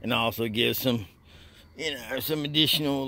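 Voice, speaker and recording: A man rambling through a casual vlog, drawling "man" and "oh God" constantly and jumping up to high excited squeals. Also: normal speed, dry recording. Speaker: vlogger.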